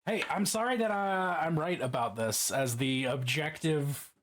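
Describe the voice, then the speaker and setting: A man's voice: fairly high pitch, measured pace, a bit bright, slight background noise. A man from Baltimore chatting casually on a live stream while painting miniatures alone in his room, profane, rambling and self-mocking.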